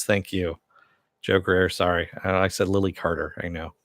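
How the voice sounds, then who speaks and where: A man's voice: low-pitched, little pitch movement, moderate pace, a bit bright, dry recording. A man hosting a casual live stream, reading viewer comments aloud and rambling with a self-deprecating chuckle.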